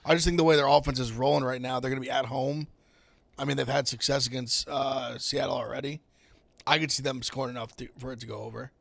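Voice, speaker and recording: A man co-hosting a sports betting podcast, talking in a quick, rambling way. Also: medium pitch, fairly even intonation, vocal fry, fairly bright tone, no echo. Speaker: co-host. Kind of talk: casual sports betting chat.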